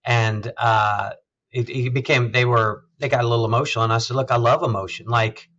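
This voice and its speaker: A man's voice: mid-range voice, fairly even intonation, fairly bright tone, muffled recording. A man, a health system CEO, speaking thoughtfully as an interview guest, often restarting his sentences. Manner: thoughtful, measured, halting restarts. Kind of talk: conversational interview.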